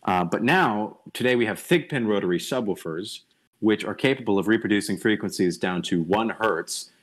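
Young man, lower pitch, relaxed online lecturer; halting, restarts often, opinionated. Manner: thinking aloud, many restarts and ums, opinionated asides. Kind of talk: casual online lecture over voice chat. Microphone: computer mic on a voice call.

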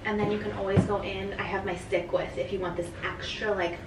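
A woman's voice: medium pitch, flat delivery, fairly quick. A woman styling her friend's hair, chatting casually, laughing often and swearing freely. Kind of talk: casual chat. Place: indoors at a rental home. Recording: echoey room, distant mic, background noise.

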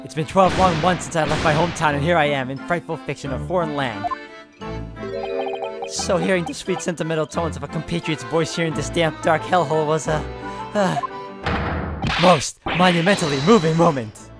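Brief: a man doing a theatrical young male poet, loud and overexcited, game music under. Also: a little high, normal speed, natural voice. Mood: overjoyed. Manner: loud, florid, alliterative outbursts.

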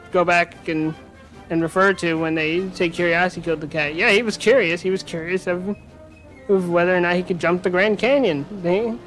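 Animated, joking man doing game commentary. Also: high-pitched. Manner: animated, self-mocking, joking rambles. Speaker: gaming commentator. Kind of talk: let's-play commentary. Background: faint game music.

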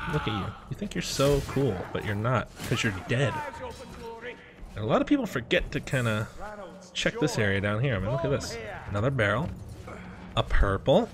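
Excitable, cursing man over game noise. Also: on the low side. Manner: excitable, swears often, rambling asides. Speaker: gaming channel host. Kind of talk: gameplay commentary.

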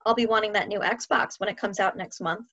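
A woman's voice: on the high side, fairly quick. A woman voicing an eager, cheeky ten-year-old boy in a read-aloud story. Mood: teasing. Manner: pleading, then teasing. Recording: dull lo-fi sound.

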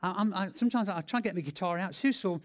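Excitable man preaching. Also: high voice, very fast. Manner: animated, excitable, lots of restarts and repeats. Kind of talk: sermon storytelling.

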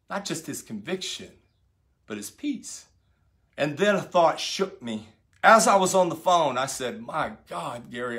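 A middle-aged man giving an impassioned motivational talk, preacher-like, repeating phrases and swinging from loud pleas to hushed words. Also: a little high. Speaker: speaker.

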